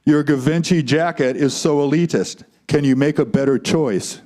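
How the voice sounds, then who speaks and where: A man's voice: mellow, lightly acted. A man voicing a smug, earnest young man doll with a put-on masculine voice in a comic puppet show. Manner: deliberately masculine, lowered voice.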